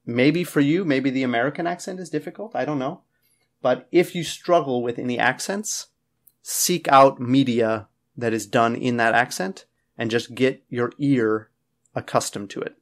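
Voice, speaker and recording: Guy teaching exam prep from his office, mid pitch, keeps saying okay? and all right?. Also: normal speed. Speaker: IELTS teacher and test writer. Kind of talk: casual classroom lecture to camera.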